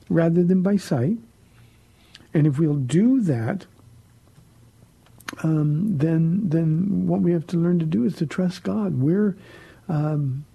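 A man's voice: on the high side, gravelly, warm tone, breathy edge, dry recording, low-quality recording. A man pastor on a call-in radio show, answering listeners' Bible questions in an earnest, explaining way with many fillers.

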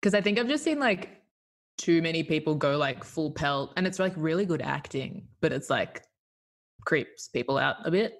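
A woman, a guest improv teacher, chatting in an animated way with lots of fillers. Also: deep voice, moderate pace. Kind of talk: casual chat.

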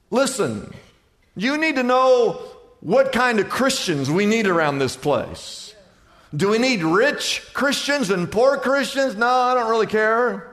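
Older man, pastor, high voice, sermon, emphatic repetition, storytelling. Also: sing-song, measured pace, fairly bright tone. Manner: preaching with rising, emphatic repetition; storytelling, acting out both sides of a conversation.

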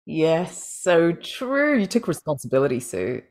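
Woman host, deep and creaky, animated, short affirming replies. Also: unhurried. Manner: affirming, brief interjections. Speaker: podcast host. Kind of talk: interview questions.

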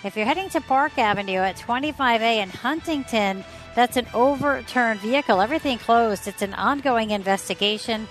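A woman reading a radio traffic report in a brisk, matter-of-fact way. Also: fairly high pitch, a bit bright, rough recording.

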